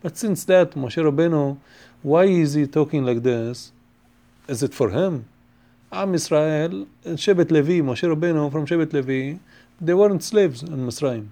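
A man teaching a Torah class on the weekly portion, moving between English and rapidly chanted Hebrew verses, his English marked by restarts and non-native phrasing. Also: fairly high pitch, lively intonation, vocal fry, dark tone.

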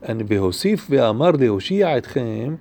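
Fast-talking man teaching Torah. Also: medium pitch, big pitch swings, gravelly, mellow. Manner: quick, repeats himself and restarts, chanting Hebrew verses fast. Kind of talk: Torah class on the weekly portion.

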